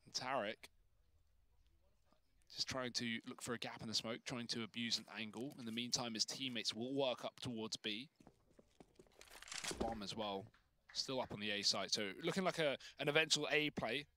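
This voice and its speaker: Bright-voiced male esports caster. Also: mid-range voice, moderate pace, pauses often. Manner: excitable, jokey banter. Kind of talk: play-by-play commentary.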